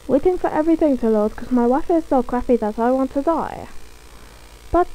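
A woman talks through a gaming session in a silly, mock-dramatic ramble. Her voice sits high, and she takes her time over each phrase. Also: warm tone, low-quality recording. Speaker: gaming video creator. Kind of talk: silly gaming commentary on a call.

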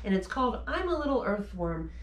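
A woman who is a children's librarian, reading a picture book aloud at storytime in a gentle, expressive way. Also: mid-range voice, fairly quick, background noise.

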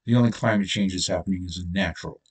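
A man's voice: deep voice, quick pace, slightly rough, recorded from a distance. A man hosting his own channel, delivering an angry, profane solo rant with blunt, confrontational talk. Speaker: channel host.

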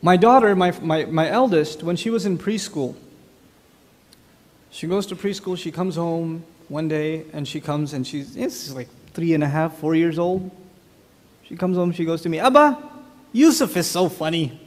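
At an Islamic lecture in a hall, a high-voiced man preaches at a moderate pace. An animated storyteller, he addresses the audience directly with questions in a lively, conversational religious talk.

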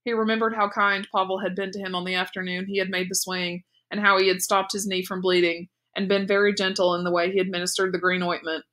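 A woman teacher reading a novel aloud in steady, clear storytelling narration. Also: mid-range voice, fast talker, few pauses. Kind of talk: audiobook read-aloud narration.

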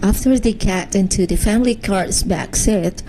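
A woman reading a bedtime story aloud in a gentle, soothing manner. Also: medium pitch, moderate pace, a little hiss or hum, poor audio.

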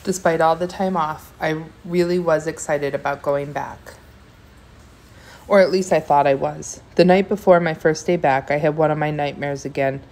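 Brief: low-voiced woman, steady read-aloud of a novel. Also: moderate pace. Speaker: reader.

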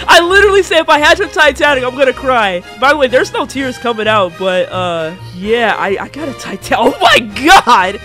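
A young man commentating his own gameplay in casual slang, stammering and repeating himself, bursting into shouts and laughs at big wins. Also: very high-pitched, lively intonation, normal speed, few pauses, faint music behind. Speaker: gaming YouTuber.

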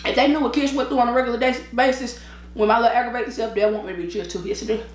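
Woman, tired, eating while talking, slangy storyteller, fairly high voice, roomy echo. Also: rapid-fire, a little hiss or hum. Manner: animated, slangy storytelling with frequent laughs; eating and sipping between sentences. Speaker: mukbang vlogger. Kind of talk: casual chat while eating. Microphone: own microphone. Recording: echoey room.

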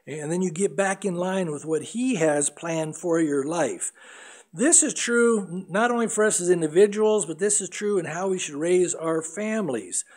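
A man's voice: sits high, moderate pace, darkish tone. A middle-aged male pastor preaching a sermon in an earnest, conversational way, sometimes putting on voices for a story.

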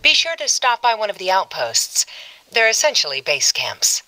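A woman's voice: mid-range voice, wildly swooping pitch, moderate pace, bright, forceful tone, faint music behind, poor audio. An actress voicing an upbeat female guide in a hunting video game, giving friendly hints. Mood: friendly, informative.

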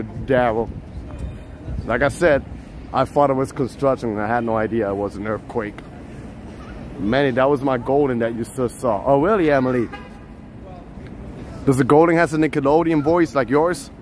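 A man's voice: medium pitch, steady tone, normal speed, a little mellow, a little hiss or hum. A man hosting a casual walking live stream, chatty and teasing his viewers, outdoors on city streets. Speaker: vlogger, live-stream host.

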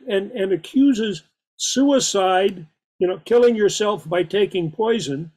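A man's voice: sits high, darkish tone, poor audio. A man taking part in a poetry discussion, speaking hesitantly and stammering through restarts. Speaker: discussion participant. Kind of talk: casual group discussion.

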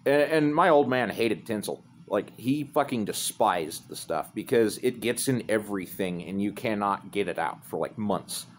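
A man's voice: fairly low pitch, expressive, normal speed, few pauses, slight background noise. A man telling a rambling, profane story in a laid-back, casual way.

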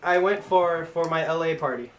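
Man, slightly high voice, playful, halting, casual family chat. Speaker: vlogger's brother. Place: family house.

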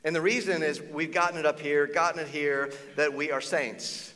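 A man preaching a sermon as a pastor, conversational and animated, slipping into quoted voices. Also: fairly high pitch, moderate pace. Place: church auditorium. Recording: long reverb of a church hall.

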